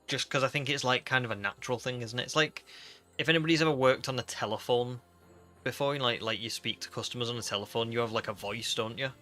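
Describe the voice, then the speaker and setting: A man's voice: mid-range voice, fast, sharp tone, faint music behind. A British man chatting casually on a game stream, rambling with fillers as he reads chat aloud.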